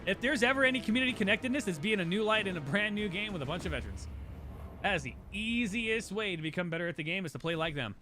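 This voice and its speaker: Speaking fast over music, this streamer has a high-pitched, expressive voice. He rambles casually and opinionatedly on his gaming livestream with frequent restarts, his voice worn down from talking all day.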